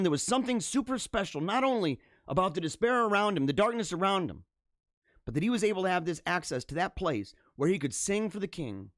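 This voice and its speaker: A man hosting a live stream, telling a story in a casual, rambling way, with many restarts and bursts of excitement. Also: sits high, no echo, studio quality. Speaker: livestream host.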